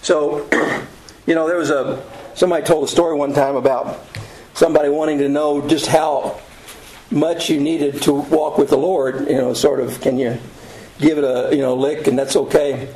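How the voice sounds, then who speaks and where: A man teaching a casual Bible study lesson, pausing often with ums and uhs. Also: a little high, level tone, darkish tone, slight background noise. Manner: halting, many ums and uhs. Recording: roomy echo.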